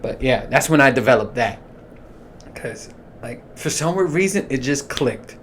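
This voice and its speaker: A man in his thirties tells stories on his own podcast in a loose, swearing, animated way. His voice sits at an ordinary middle pitch. A faint hiss of background noise runs under the recording. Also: a little slow. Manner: profane, animated, laughs through his stories. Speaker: podcast host. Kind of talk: casual storytelling monologue.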